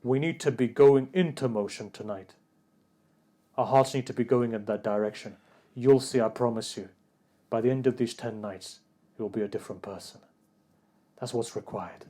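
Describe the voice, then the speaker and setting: A man giving a religious sermon, moving from soft storytelling to a loud, grieving, high-pitched recitation. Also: moderate pace. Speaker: preacher. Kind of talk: Muharram sermon, rising to impassioned chanting.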